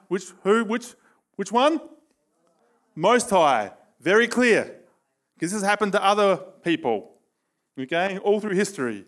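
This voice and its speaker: A man preaching a sermon, telling stories with animated bursts of emphasis. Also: high-pitched, a little slow, long pauses.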